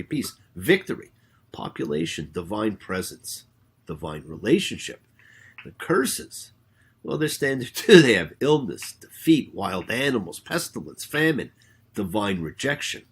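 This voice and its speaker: A man, a rabbi hosting his own show, giving a spoken sermon with emphatic, drawn-out words. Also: fairly low pitch, slightly rough. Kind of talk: spoken sermon with prayer and sung hymn.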